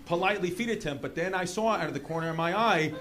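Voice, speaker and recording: A man from New York City with a New York accent, doing a stand-up comedy set with rambling, animated storytelling. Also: high-pitched, rapid-fire. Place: comedy club stage. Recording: live club room with audience noise. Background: audience laughter.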